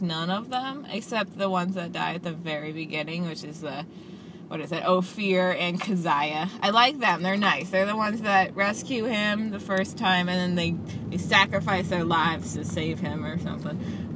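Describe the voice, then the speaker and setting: A woman talking casually in a rambling vlog, full of fillers and restarts, recorded inside a car. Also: medium pitch. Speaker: vlogger reviewing a movie and her own writing. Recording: car and road noise behind. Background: traffic and vehicle noise.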